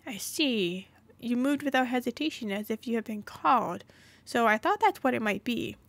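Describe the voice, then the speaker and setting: A woman's voice: on the high side, expressive, moderate pace, no room sound. Woman voicing a frantic young man. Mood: urgent. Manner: urgent, repeating himself.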